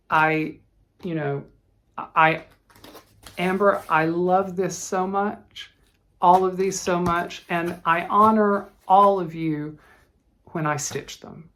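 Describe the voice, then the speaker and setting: A middle-aged woman chats through her cross-stitch vlog in an unhurried, low-pitched voice. She talks casually and emotionally, stumbling and restarting her sentences as she goes. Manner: chatty, emotional, halting with restarts. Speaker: flosstube host.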